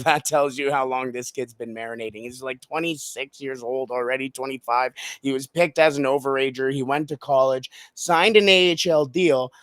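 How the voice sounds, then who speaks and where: A man talking hockey as a podcast guest, animated and laughing often, building to points with dramatic pauses. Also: medium pitch, clear, resonant tone, dry recording, studio quality. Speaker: podcast guest, team analyst. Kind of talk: casual sports podcast chat.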